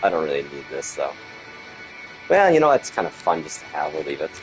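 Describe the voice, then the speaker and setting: A man's voice: rumbling low, sing-song, fairly quick, faint music behind, low-quality recording. A man chatting casually as he streams gameplay, rambling and grumbling about the game's quirks while he talks to viewers. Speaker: gaming streamer.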